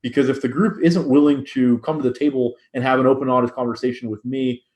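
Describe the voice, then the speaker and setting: A man's voice: mid-range voice, steady tone, fast talker, darkish tone. A middle-aged man co-hosting a business podcast, talking casually and correcting himself often as he works through his points. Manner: rambling, self-correcting, many restarts. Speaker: podcast co-host.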